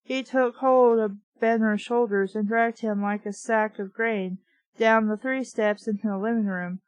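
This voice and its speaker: A woman's voice: a little high, steady tone, unhurried, dry recording, dull audio. A woman reading a novel aloud with dry, sarcastic asides. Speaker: book reviewer reading aloud.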